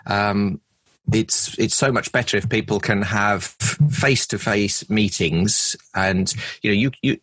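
London comedian guy, lowish husky voice, jokes at his own expense. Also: unhurried, fairly bright tone, dry recording, poor audio. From London, England. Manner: anecdotal, self-deprecating humour. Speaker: comedian and former presenter. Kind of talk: podcast interview chat.

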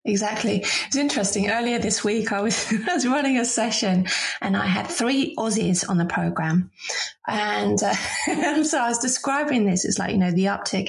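A woman's voice: mid-range voice, moderate pace, vocal fry. A woman voice and leadership coach explaining her views earnestly in an interview, often restarting her phrases. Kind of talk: interview conversation.

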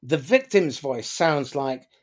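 A man giving a blunt, animated motivational talk to a business audience, swearing casually as he goes. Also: on the high side, slow. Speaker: business speaker.

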